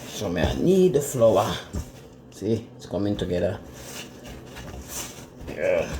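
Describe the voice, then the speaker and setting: A Jamaican man talks his way through cooking in a casual vlog, relaxed and chatty. His voice sits low and mellow, and his pace is unhurried. The kitchen sounds roomy, with a running tap and clinking dishes behind him. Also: a little hiss or hum. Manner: laid-back, chatty, laughs often. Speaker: home cook and channel host. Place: home kitchen. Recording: echoey kitchen with running water.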